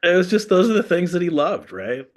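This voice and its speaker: A man's voice: sits high, big pitch swings, a little fast. A middle-aged man, a guest in casual chat, rambling fondly through memories and chuckling often.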